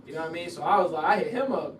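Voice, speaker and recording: Young dude telling stories, gets loud and worked up, voice a bit high, echoey and off mic. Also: male voice, very fast. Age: young adult. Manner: animated slang storytelling, rises loud when excited. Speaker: former college football player, guest. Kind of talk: casual podcast chat. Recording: echoey room, mic at a distance, noise behind.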